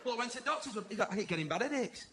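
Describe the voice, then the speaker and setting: A man doing stand-up comedy, boisterous and shouting punchlines to a live crowd. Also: very high-pitched, expressive, racing, a little hiss or hum. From England. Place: large indoor venue before a live audience. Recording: echoey venue with loud crowd laughter.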